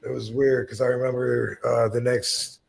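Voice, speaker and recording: Podcast host, man in his fifties, gravelly voice, loose rambling anecdotes full of swearing. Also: medium pitch, little pitch movement, moderate pace. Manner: rambling, laid-back, swears freely. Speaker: podcast host telling stories. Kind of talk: casual storytelling chat.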